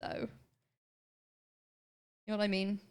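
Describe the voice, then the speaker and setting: A young woman chats loosely to her stream, circling back and restarting her sentences. Her voice sits at an ordinary middle pitch, with a slight scratch of a sore throat. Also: monotone, a little mellow, clear, resonant tone. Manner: rambling, restarts sentences, quick laughs. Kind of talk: casual chat with viewers.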